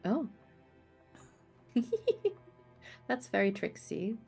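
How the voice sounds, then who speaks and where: A woman playing a tabletop game in casual chat, playful and quick to laugh. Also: a little high, sing-song, darkish tone, breathy edge, faint music behind. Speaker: player.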